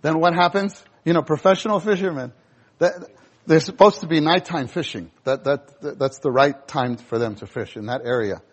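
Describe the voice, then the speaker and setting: A male preacher giving a sermon, animated, acting out scenes in voices. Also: a little high, normal speed, slightly rough.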